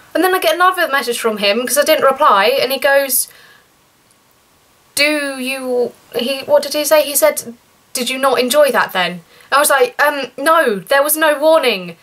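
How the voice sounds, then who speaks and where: A woman's voice: a little slow, pauses often, a bit bright. A young woman tells a story to camera in a chatty vlog, turning indignant and exasperated as she retells it. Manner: chatty and indignant, rising pitch when outraged. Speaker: vlogger.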